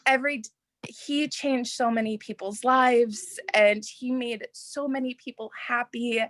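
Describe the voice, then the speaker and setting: A young woman, a guest on a video call, telling her story in an earnest, emotional, halting way. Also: fairly high pitch, fairly bright tone, no echo.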